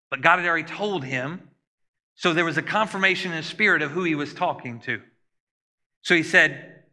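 Bright-voiced male preacher in a reverberant hall. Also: on the high side, expressive, moderate pace. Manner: conversational preaching, asks the congregation questions. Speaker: pastor. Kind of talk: sermon.

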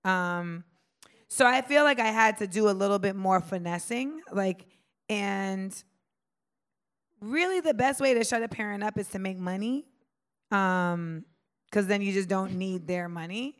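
A woman's voice: medium pitch, measured pace, clear, resonant tone. A woman in her forties in casual podcast chat, talking loosely with frequent "like" and "um" fillers.

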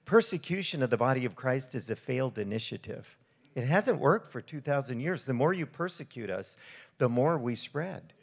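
Middle-aged man, missionary speaker, sermon with slides, conversational, animated storytelling, mid-pitched voice. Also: moderate pace.

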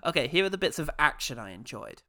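A man's voice: a little high, big pitch swings, fast talker, pushed and bright, slight background noise. A man co-hosting a podcast, casually reviewing a film, listing his favourite moments and chuckling often. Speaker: podcast co-host.

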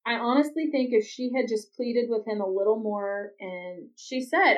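A woman's voice: a little high, moderate pace, hardly any pauses. A woman hosting a podcast, recapping a TV episode in casual chat with chatty, exasperated asides. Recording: dull, slightly distant lo-fi recording.

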